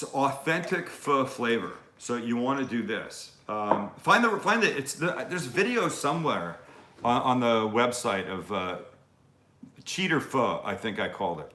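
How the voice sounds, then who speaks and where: A cooking host chats loosely through a live Q&A, answering viewers in a rambling, offhand way with casual swearing. His voice sits at an ordinary male pitch. The sound carries the echo of his roomy home kitchen. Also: lively intonation, measured pace, pushed and bright. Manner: rambling, casual, swears freely, many fillers.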